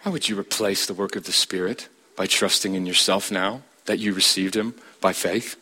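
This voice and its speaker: Guy preaching a sermon, bright forceful tone, keeps firing questions at the crowd. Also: steady tone, moderate pace, husky. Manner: emphatic, rising to a high pitch to stress points; questions the listeners directly.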